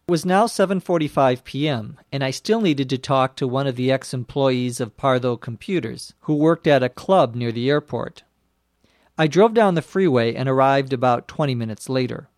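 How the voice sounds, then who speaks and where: A man narrating a detective story slowly and clearly, as an audiobook for learners. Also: medium pitch, no room sound, studio quality. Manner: slow and clearly spaced.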